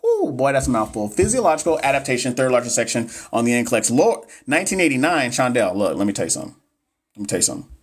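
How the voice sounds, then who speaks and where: A man's voice: medium pitch, sing-song, fast, slightly rough. Man, 30s, livestream exam tutor, chatty, joking, talks to the chat. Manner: chatty, joking, reads questions aloud to the chat. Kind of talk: casual livestream teaching.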